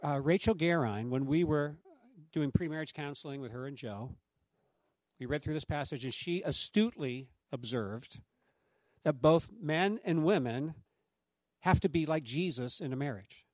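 Conversational pastor with a dry close sound. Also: male voice, fairly high pitch, dry recording. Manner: conversational and anecdotal, with asides to the congregation; acts out quoted voices in lively raised tones. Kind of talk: sermon.

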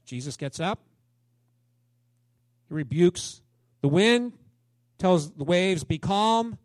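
A man in his fifties preaching a sermon, telling stories dramatically and swinging between loud exclamations and hushed asides. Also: on the high side, animated, slow pace, no room sound. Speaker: pastor.

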